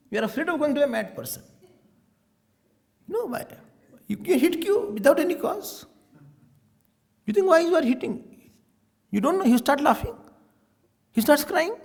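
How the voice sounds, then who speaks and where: Lively high-voiced Indian swami. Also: male voice, creaky. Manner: animated storytelling with Hindi words. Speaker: swami giving a scripture talk. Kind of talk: spiritual discourse.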